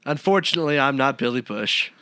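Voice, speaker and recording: A man co-hosting a podcast in casual banter, delivering jokes deadpan with many uhs. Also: mid-range voice, quick pace, dry recording, clean studio sound. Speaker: podcast co-host.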